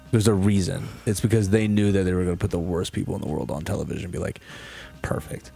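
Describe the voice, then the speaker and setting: Young man, deep gravelly voice, from New York, casual podcast banter, profane, lively storytelling. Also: fast talker, soft background music. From Bedford, New York. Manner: profane, animated storytelling with impressions and laughs. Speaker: podcast co-host.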